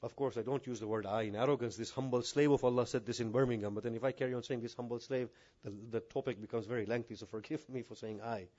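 Male preacher, mosque sermon, rhetorical questions, hushed to loud swings, muffled lo-fi recording. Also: mid-range voice, fairly even intonation, fast talker. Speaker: maulana.

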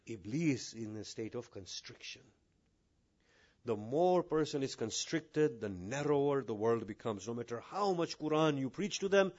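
A man preaching a sermon to a mosque congregation, asking rhetorical questions and swinging between hushed and raised delivery. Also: mid-range voice, lo-fi sound. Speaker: maulana.

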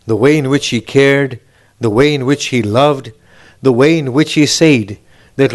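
A man's voice: medium pitch, a little slow. A man delivering a sermon, posing rhetorical questions with emphatic, rising phrases. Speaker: preacher.

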